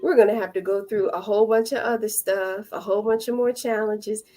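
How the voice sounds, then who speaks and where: Soft music plays in the background as this podcast guest, a woman of about forty, chats casually about spiritual matters. She speaks fairly quickly in a mellow, mid-range voice with fairly even intonation, earnestly recounting her experiences and voicing the people in them.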